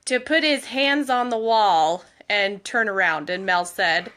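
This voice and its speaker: A woman's voice: mid-range voice, measured pace, fairly bright tone. A woman, a mother of school-age kids, chatting in a rambling way to her followers and laughing now and then as she tells a story. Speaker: vlogger updating followers on her husband. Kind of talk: casual storytelling vlog.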